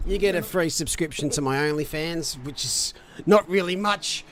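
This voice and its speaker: A man's voice: a little high, moderate pace, a crowd in the background. A man hosting a sim racing livestream, upbeat and jokey, full of casual slang. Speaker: race broadcast host. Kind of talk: livestream race show hosting.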